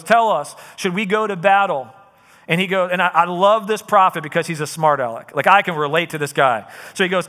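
A male pastor delivers a sermon, retelling scripture with lively, conversational storytelling. His voice sits high and sounds bright and forceful. It carries the long reverb of a large hall. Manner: lively storytelling, paraphrasing scripture with casual asides. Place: church auditorium.

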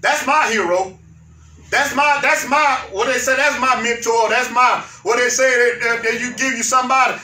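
A male pastor preaches with a very high, piercing voice. He repeats his phrases and climbs into fervent shouts. He is heard from a distance in an echoey church. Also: normal speed, a little hiss or hum. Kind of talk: sermon. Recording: echoey room, mic far off.

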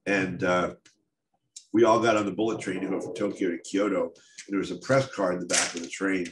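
A man's voice: deep voice, steady tone, fairly quick. A middle-aged American man, a photographer telling stories from his career in a candid, self-deprecating way with many fillers. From United States. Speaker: photographer giving a talk. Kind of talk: storytelling talk. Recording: echoey room with faint noise.

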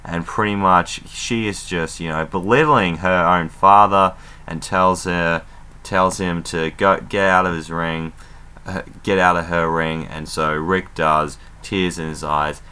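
A man casually recapping a wrestling show as an excitable fan, chatty and loose, with plenty of fillers and some swearing. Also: low-pitched, a little slow, smooth.

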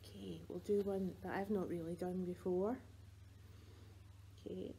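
A woman with a Scottish accent leading rhymes and songs for babies in a library, sing-song and playful with soft whispered asides. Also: medium pitch, fairly even intonation, unhurried, slight background noise, poor audio. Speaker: children's librarian.

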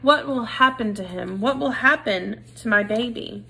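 Woman plays dramatic French mother mouse, storybook, high and bright. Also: normal speed, gravelly. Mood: pleading. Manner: theatrical, pleading.

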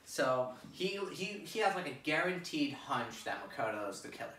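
A man's voice: mid-range voice, moderate pace, a little hiss or hum. A young man giving a crude, slangy, rambling story recap to friends, acting out the characters' lines. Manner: crude slangy storytelling, animated quoted voices. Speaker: presenter of a fan lecture. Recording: echoey room, voice from a distance.

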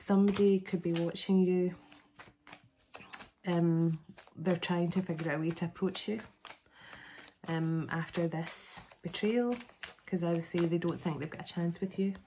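A woman's voice: on the low side, fairly even intonation, unhurried, warm tone, a little hiss or hum, rough recording. A woman giving a casual spoken tarot reading. She rambles chattily, with many fillers and restarts. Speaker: tarot reader.

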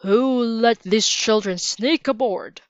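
A woman reading aloud, voicing a stern, angry male general in a quiet, firm way. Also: on the low side, unhurried, no room sound, muffled recording, lightly acted.

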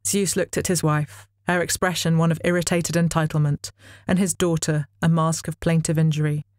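Woman author reading her book aloud, low voice, dead dry studio. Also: flat delivery, moderate pace, a little mellow, no room sound. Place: recording studio.

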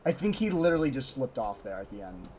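A young man livestreaming a hard climbing game, talking to his chat in a panicky, pleading way, often repeating himself and sometimes shouting. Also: mid-range voice, sing-song, fast, slight background noise. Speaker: livestreaming gamer. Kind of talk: live gameplay commentary.

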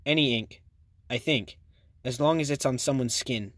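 A man's voice: mid-range voice, moderate pace, fairly bright tone, no room sound, lightly acted. A man voicing a tired, impatient young girl who talks sharply, in an audiobook. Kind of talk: audiobook character voice.

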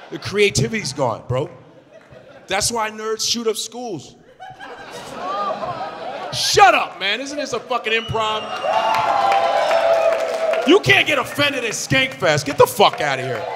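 A man riffing stand-up on stage, his high, bright voice swinging wide as he swears and shouts his punchlines. The sound carries the long reverb of a large room. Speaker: stand-up comedian.

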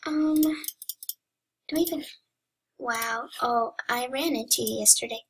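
A woman's voice: on the high side, takes it slowly, breathy edge. A young woman giving casual game commentary, dramatic and pleading, sometimes dropping into whispers. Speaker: gamer.

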